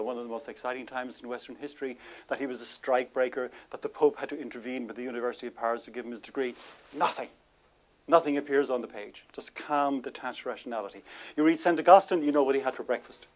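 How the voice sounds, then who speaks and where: Chatty male lecturer, quick to laugh. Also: mid-range voice. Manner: chatty, laughs often between remarks; self-deprecating asides. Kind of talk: informal lecture to a live audience.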